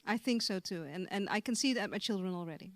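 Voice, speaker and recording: A woman's voice: mid-range voice, fast, no echo. A woman speaking on a conference panel in a mid-range voice. She talks hesitantly, circling back over her words with plenty of fillers. The recording is dry and close. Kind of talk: panel discussion. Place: conference stage.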